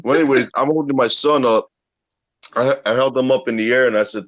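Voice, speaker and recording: A man's voice: mid-range voice, brisk. A man in casual video-chat talk, telling a personal story with heavy swearing. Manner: profane, animated retelling.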